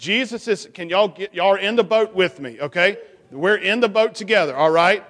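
High-voiced man leading children. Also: normal speed. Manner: animated, coaxing, playful with children. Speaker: children's sermon leader. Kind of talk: children's sermon. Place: church sanctuary. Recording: long church reverb.

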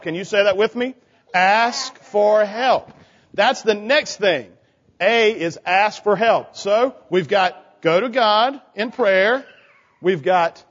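The dull, lo-fi recording carries church hall reverb from a sanctuary where a man is giving a children's sermon. He coaxes the kids with questions in a voice that sits high and has a fairly bright tone.

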